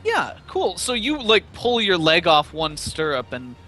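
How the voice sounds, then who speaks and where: A man's voice: sits high, very animated, measured pace, bright, forceful tone, faint music behind. A man running a tabletop game as game master, describing scenes and rulings in an easygoing way with many fillers. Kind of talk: narrating a tabletop game over voice chat.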